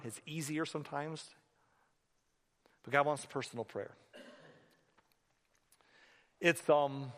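Guy preaching a sermon, chatty and storytelling, mid voice, lots of hall reverb. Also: medium pitch. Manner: conversational, animated storytelling with acted quotes. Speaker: pastor. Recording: echoey hall.

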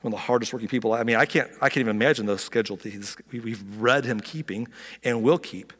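A middle-aged male pastor preaching with an ordinary mid-range voice. He is animated, jumps up high to act out the voices of his listeners, and then sinks to soft near-whispers to drive a point home. The sound carries a long reverb, as if in a large church hall. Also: fast talker, husky. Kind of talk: sermon.

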